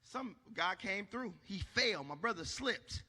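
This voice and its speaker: A man telling a stand-up story on a church stage, animated, acting out shouts and asking the crowd if they follow. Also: high-pitched, unhurried, in a large hall. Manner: animated, acts out shouts, asks the crowd for agreement. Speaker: stand-up comedian.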